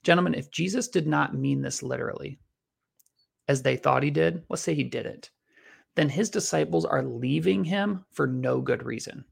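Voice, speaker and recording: Gravelly-voiced man teaching scripture. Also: on the high side. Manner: earnest, reads scripture aloud slowly, shifts pace often. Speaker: Bible teacher. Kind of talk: teaching a Bible study.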